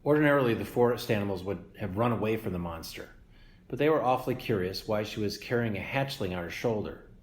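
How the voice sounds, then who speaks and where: A man reading a children's book aloud as a guest reader, in a steady, measured narration. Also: lowish voice. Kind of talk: storybook read-aloud. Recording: echoey room.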